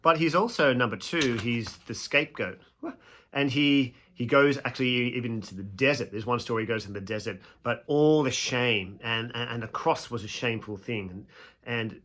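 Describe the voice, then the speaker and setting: A young man with a bright, forceful voice teaches a video lesson in a relaxed, chatty way. He leans hard on key phrases and draws them out slowly, then pokes fun at himself. His pitch sits in the middle range for a man. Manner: casual, self-deprecating, emphatic with stretched slow phrases.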